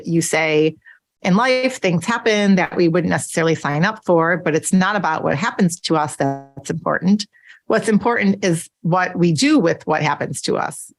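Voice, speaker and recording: Low-voiced woman hosting a podcast. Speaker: podcast host. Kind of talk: interview questions and reading a quote.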